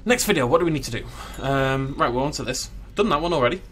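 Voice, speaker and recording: Young man, lively voice, chatty gameplay commentary, faint hum in the background. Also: medium pitch, quick pace. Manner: chatty, talks to animals in a cooing voice. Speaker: gaming channel host.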